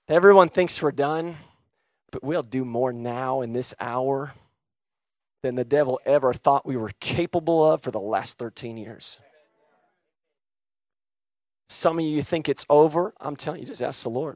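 A male preacher delivers a sermon with fervent intensity, his voice rising to urgent calls and then dropping to a hushed telling. His pitch sits in the middle range. The recording is dry and close, with little room sound. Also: moderate pace, creaky, no echo. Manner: impassioned, swings from shouting to hushed.

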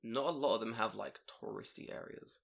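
A young man telling a story in casual podcast chat, animated, swearing and laughing. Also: mid-range voice, brisk, vocal fry.

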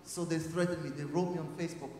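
A man preaching a sermon to a live audience, moving from loud calls to hushed storytelling. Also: a little high, steady tone, fast talker, slight background noise. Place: large hall. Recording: echoey hall from a distance.

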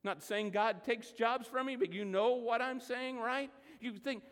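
High-voiced man preaching in a reverberant church. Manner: preaching, reads scripture slowly and loudly. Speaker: pastor. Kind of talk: sermon. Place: church sanctuary.

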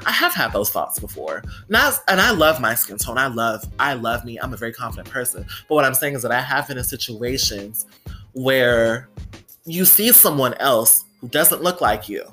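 A woman's voice: very deep voice, animated, normal speed, sharp tone, faint music behind. A woman hosting a solo podcast, talking candidly and with plenty of swearing, often saying "you know" and "right?". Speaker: podcast host.

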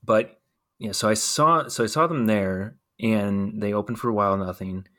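A man co-hosting a podcast, chatting casually in a relaxed, rambling way with many fillers. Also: lowish voice, measured pace. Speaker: podcast co-host. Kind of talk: casual chat.

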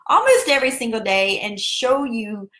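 A woman's voice: a little high, sing-song, moderate pace, sharp tone, reverberant. A woman from South Carolina with a Southern accent, chatting casually to viewers in a live video as an online business coach. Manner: chatty, addresses viewers directly. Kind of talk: casual Facebook Live talk.

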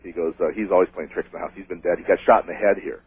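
A man calling in to a radio show, telling a ghost story in an excitable, rambling way. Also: low voice, rapid-fire, breathy edge. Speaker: caller. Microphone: telephone. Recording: tinny phone line.

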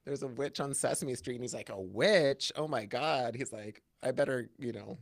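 A man chatting casually on a podcast, telling a story in an animated way, acting out quotes in high voices and laughing often. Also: fairly quick, no room sound, clean studio sound. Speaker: podcast co-host. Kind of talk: casual chat.

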